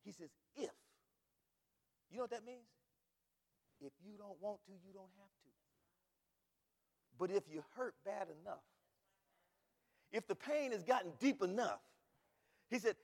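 A man preaching a sermon, swinging from soft passages to shouted ones. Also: high-pitched, animated, a little slow, gravelly, pauses often. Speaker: pastor. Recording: long hall reverb.

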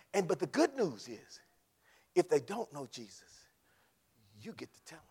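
A man preaching a sermon, swinging from hushed storytelling to shouted climaxes. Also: a little high, wildly swooping pitch, moderate pace, creaky, pauses often, husky. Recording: long reverb of a large hall.

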